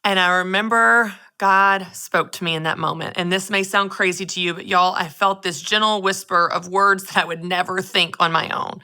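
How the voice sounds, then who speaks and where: A woman hosting a show, telling a personal faith story in a candid, chatty way that swings between loud exclamations and soft near-whispers. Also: fairly low pitch, fairly even intonation, moderate pace, hardly any pauses, clear, resonant tone. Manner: candid, chatty, addresses listeners as "y'all". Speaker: podcast host.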